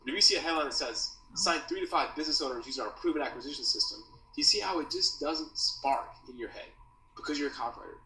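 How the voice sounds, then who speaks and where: A man's voice: on the high side, fast talker, bright, forceful tone. A man teaching a copywriting course in a loose, slangy casual talk, calling listeners dude and bro. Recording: roomy echo, mic at a distance, faint noise.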